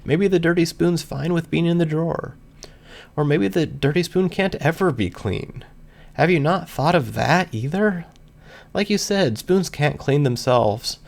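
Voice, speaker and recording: Gravelly man reading a story aloud. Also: fairly high pitch, darkish tone. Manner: earnest, emotional first-person reading. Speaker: reader. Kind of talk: scripted fan fiction narration.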